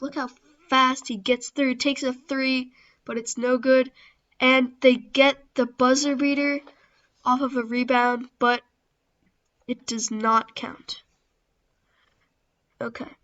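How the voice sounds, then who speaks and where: A woman talks through her basketball video game in casual play-by-play. Her voice sits a little high but stays flat and even, with little rise or fall. The recording is dull and lo-fi, like a home voice-over. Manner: steady, understated play-by-play with self-deprecating asides. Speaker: gaming channel host.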